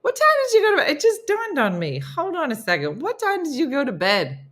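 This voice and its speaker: Lively woman chatting live with viewers. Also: high-pitched, a little fast. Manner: lively, laughing often, playful asides to chat. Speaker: host of a live morning show. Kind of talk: casual live-stream chat with viewers.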